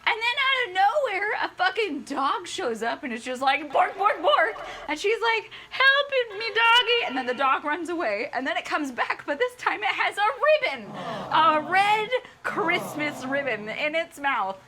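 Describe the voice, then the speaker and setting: A woman's voice: high-pitched, very animated, normal speed, noisy background. A woman streamer ranting a profane, sarcastic book review.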